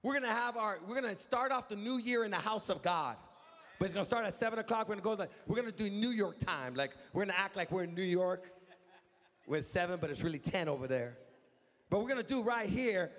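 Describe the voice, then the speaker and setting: A male pastor preaching a sermon to a congregation, building to loud shouted calls and asking the crowd to answer back. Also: high voice, in a large hall. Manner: preaching with rising shouts and call-and-response. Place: church sanctuary.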